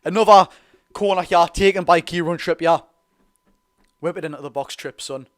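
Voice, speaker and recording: Young man, Geordie accent, fairly high voice, excitable live football watch-along, partisan play-by-play. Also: normal speed. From North East England. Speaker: football fan streamer.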